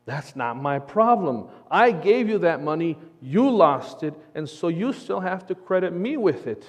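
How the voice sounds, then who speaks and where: A man voicing a brash male cowboy in a put-on drawl, forceful and indignant. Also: on the high side, big pitch swings, a little slow. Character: brash male cowboy demanding his money. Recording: long church hall reverb.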